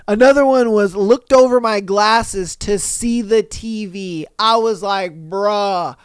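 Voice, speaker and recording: Male podcast host, casual, animated, swears freely, smooth clear voice, dry close sound. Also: high voice, slow, no echo. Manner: animated, swearing, acting out reactions. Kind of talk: casual podcast reading of listener posts.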